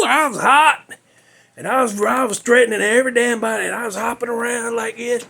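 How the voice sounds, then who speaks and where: A man's voice: extremely high pitch, fairly even intonation, a little fast, vocal fry, pushed and bright. A male podcast host telling a story in a casual, folksy, rambling way, cussing freely.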